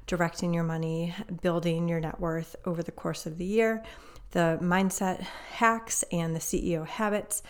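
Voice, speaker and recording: On her solo podcast, a financial coach talks with a low, darkish voice. She keeps things chatty and upbeat, seems a bit winded, and keeps tossing in "right?"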